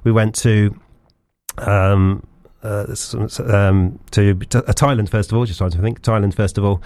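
A man's voice: fairly low pitch, fairly even intonation, normal speed, a little mellow, dry recording. A middle-aged man chatting as a guest on a radio show, rambling and hesitant with lots of ums and restarts, laughing easily. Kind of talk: casual radio chat. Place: radio studio. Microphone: studio microphone.

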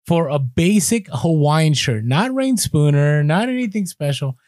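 Podcast co-host, man, animated storyteller, slightly high pitch, dry booth sound. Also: measured pace, no echo. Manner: chatty storyteller, animated asides. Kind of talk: casual podcast chat.

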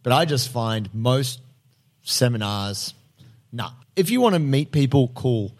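A man's voice: mid-range voice, lively intonation, unhurried. A man in casual podcast chat, blunt and slangy, swearing freely.

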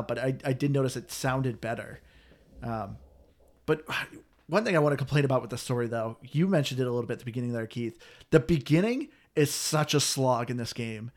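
Man with a mid-pitched voice, chatty, griping, casual podcast talk. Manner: chatty, complaining. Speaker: podcast host. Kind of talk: casual chat.

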